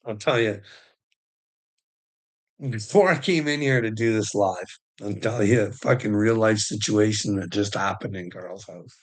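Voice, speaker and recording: Middle-aged man, husky low voice, unhurried profane live rant, frequent laughter. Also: poor audio. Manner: profane, rambling, laughs often. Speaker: livestreamer.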